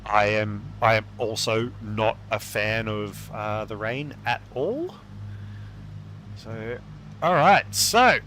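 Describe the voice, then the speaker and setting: A man giving live sim racing commentary, calling laps quickly and excitedly. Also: fairly low pitch. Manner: quick, excitable lap-by-lap calls. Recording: noisy with race car sounds behind. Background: race car engine noise.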